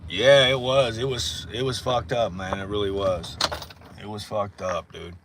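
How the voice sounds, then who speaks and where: A man's voice: lowish voice, fairly even intonation, unhurried, background noise. A man on a livestream, telling rambling stories in a profane, drawling way. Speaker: livestream host. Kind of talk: casual storytelling on a livestream.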